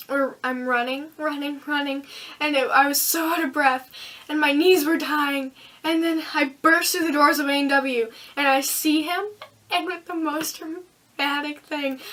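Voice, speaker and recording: A teenage girl tells a story to her camera in a casual, animated vlog, giggling and rushing through it with plenty of fillers. Her voice is high and bright. She sits a bit back from the microphone. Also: recorded from a distance. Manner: animated, giggly, breathless retelling with many fillers. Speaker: vlogger.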